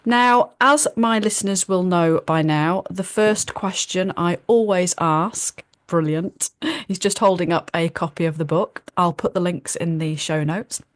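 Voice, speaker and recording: Female podcast host, measured and encouraging; lower voice, dry close sound. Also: no echo. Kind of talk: interview podcast hosting.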